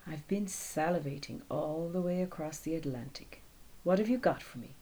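A woman voicing a sly, smug older male businessman who talks in a breathy, half-whispered way. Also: sits low, moderate pace, dark tone.

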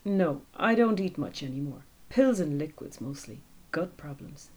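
A woman voicing a sly, smug older male businessman who talks in a breathy, half-whispered way. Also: low voice, lively intonation, moderate pace, mellow.

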